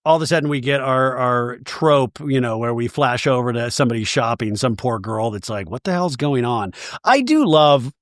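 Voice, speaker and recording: A man's voice: mid-range voice, normal speed, few pauses, no echo, clean studio sound. A man hosting a reality TV recap, chatting casually and animatedly, often slipping into quoted voices. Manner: animated, gossipy, quotes cast members in put-on voices; emotional, laughs often. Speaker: podcast host recapping reality TV. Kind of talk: casual chat.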